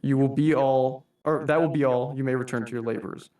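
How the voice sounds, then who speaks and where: A man's voice: medium pitch, fairly even intonation, fairly quick, dark tone, natural voice. A man voicing a theatrical masked anarchist who reads a formal, mock-polite monologue addressing humanity as his staff, recorded in a roomy room from a distant mic. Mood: scolding.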